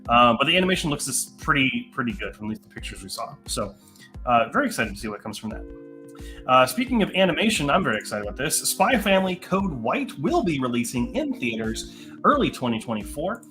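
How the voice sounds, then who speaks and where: A man running through film headlines on a livestream, talking quickly in a bright, forward voice. He reads each item and adds his own casual take. Faint guitar music plays behind him. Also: mid-range voice, big pitch swings. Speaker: co-host. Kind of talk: casual movie news chat.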